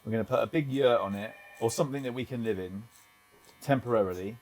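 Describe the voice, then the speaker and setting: A man's voice: mid-range voice, fast, darkish tone, a little hiss or hum, rough recording. A man working as a barber, joking and laughing often in casual chat in a barbershop. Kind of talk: casual chat while cutting hair.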